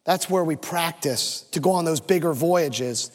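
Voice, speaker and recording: Male pastor, high voice, heartfelt storytelling sermon in a reverberant church hall. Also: measured pace, few pauses. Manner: emotional, earnest storytelling. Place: church sanctuary.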